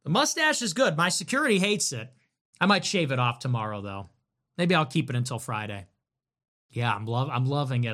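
A man's voice: medium pitch, sing-song, fairly quick, fairly bright tone. A man hosting a livestream, reacting to viewer messages in casual commentary. He talks in a sarcastic, rambling way and laughs often. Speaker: livestream host.

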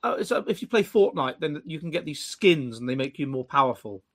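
A man co-hosting a casual chat, animated and mocking, with frequent stammering restarts. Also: on the high side, brisk. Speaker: podcast co-host.

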